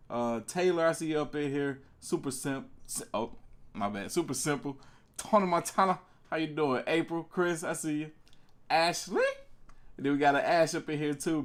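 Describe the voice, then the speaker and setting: Young man, casual live-stream host, animated, middle-pitched voice. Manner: animated, greets viewers by name, pitch jumps on excited words.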